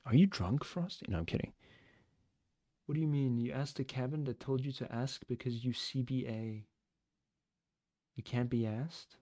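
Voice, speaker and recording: A man's voice: medium pitch, fairly even intonation, normal speed, long pauses, dark tone, no room sound, clean studio sound. A young man streaming a mystery game live, chatting and joking with his viewers as he plays. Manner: chatty, joking, answers chat.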